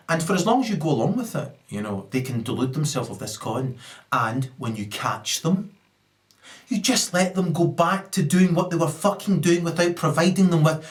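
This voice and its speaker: Ranting, sweary Scottish man. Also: medium pitch. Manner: ranting, sweary, swings between muttering asides and loud outbursts. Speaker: stand-up comedian. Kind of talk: profane comedic rant.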